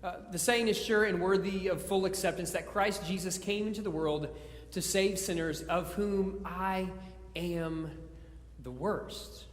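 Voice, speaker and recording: A man's voice: high-pitched, steady tone, a little slow. A man preaching a conversational sermon in a church, mixing jokes with scripture and often stumbling and repeating words. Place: church sanctuary. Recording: echoey church hall.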